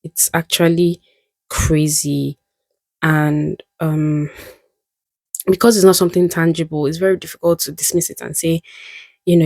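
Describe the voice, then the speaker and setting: A woman's voice: sits low, fairly even intonation, normal speed, vocal fry, long pauses, warm tone, no room sound. A young woman vlogging in a candid, musing way, often laughing at herself as she reflects. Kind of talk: reflective casual monologue.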